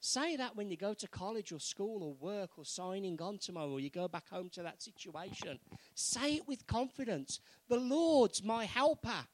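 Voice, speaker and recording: High-voiced man preaching. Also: expressive, moderate pace, dry recording, poor audio. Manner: builds from quiet earnest pleading to loud fervent exhortation. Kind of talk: sermon.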